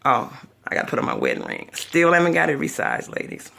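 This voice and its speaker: An older woman with a gravelly, husky voice talks straight to the camera in a casual vlog. She tells her story with drama, swinging her pitch widely as she acts out everyone she quotes. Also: wildly swooping pitch, a little fast, fairly bright tone. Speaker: vlogger.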